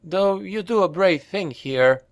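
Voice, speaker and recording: A man's voice: sits high, expressive, a little slow, voice pushed up. A man voicing an earnest, blunt young male soldier, still a boy. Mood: reproachful.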